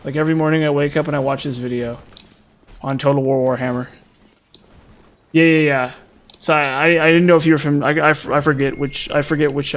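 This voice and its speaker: A man chatting casually while playing a video game, rambling with lots of fillers and restarts. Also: mid-range voice. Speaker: gaming streamer.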